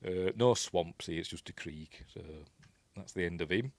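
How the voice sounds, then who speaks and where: Yorkshire man, lowish voice, dry close sound, rambling film recap full of asides. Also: normal speed, a little mellow, dry recording. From Yorkshire, England. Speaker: film reviewer.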